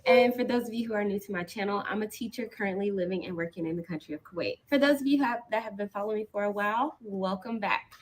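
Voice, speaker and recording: A woman's voice: mid-range voice, quick pace, few pauses, poor audio. A woman who is a teacher, vlogging casually from her apartment with a chatty, rambling manner full of ums and likes. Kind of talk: casual vlog to camera. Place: apartment, indoors.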